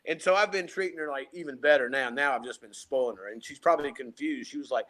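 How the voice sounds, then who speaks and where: A man co-hosting a podcast from home, telling a casual story, animated and full of fillers, acting out what people said. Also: mid-range voice, fast, few pauses. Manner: animated, acts out quotes, frequent fillers. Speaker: podcast co-host. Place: home, remote call.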